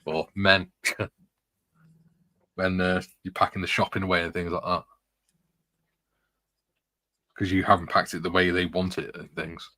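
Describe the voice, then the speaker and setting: A man's voice: low-pitched, flat delivery, unhurried, long pauses, bright, forceful tone, no room sound. A man hosting a casual chat, reading out comments and telling rambling stories, laughing often. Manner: chatty, rambling anecdotes with frequent laughs. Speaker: host reading viewer comments.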